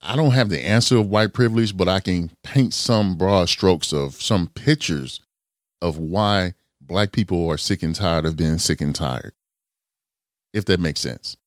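A man hosting a podcast in a casual, drawn-out talking manner. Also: sits low, no room sound, clean studio sound. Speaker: podcast host.

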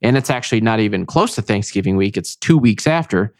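A man's voice: on the low side, lively intonation, a little fast, no echo, studio quality. A man hosting a podcast, chatting casually and enthusiastically. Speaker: podcast host. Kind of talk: casual chat.

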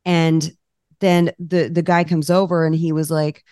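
Low-voiced woman telling lively stories. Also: measured pace, clear, resonant tone, dry recording, clean studio sound. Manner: lively storyteller, laughs often, acts out dialogue. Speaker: podcast guest, cookbook author. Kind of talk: casual interview chat.

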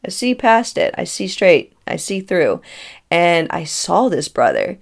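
A woman, telling a personal story in a casual, animated way, acting out dialogue and laughing often. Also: fairly low pitch, unhurried, vocal fry. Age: 30s.

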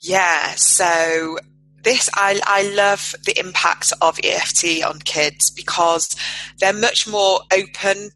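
Podcast guest, woman, lowish and bright voice, earnest, halting, restarts a lot. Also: steady tone, a little hiss or hum, poor audio. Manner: earnest, with many restarts and fillers. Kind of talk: casual podcast conversation. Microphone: podcast microphone.

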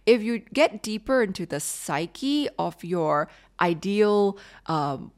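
A woman's voice: mid-range voice, lively intonation, slow. A woman hosting a podcast, giving earnest, conversational advice and asking herself questions as she goes. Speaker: podcast host. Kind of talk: casual advice talk.

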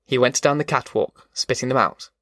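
A man reading a novel aloud in measured, descriptive narration. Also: mid-range voice, fairly bright tone, dry recording, studio quality. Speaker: audiobook narrator. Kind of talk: scripted narration.

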